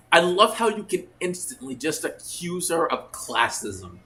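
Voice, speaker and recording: Lively bright-voiced man gaming. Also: a little high, slow pace, low-quality recording. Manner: laughing, swearing, animated. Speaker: let's play host. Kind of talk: casual gameplay commentary.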